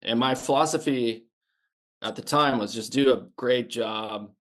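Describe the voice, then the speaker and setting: A man's voice: medium pitch, a little slow, fairly bright tone. A man in his fifties from the United States, a former Navy sniper and podcast guest, telling his story in a blunt, casual way that is full of restarts and swearing.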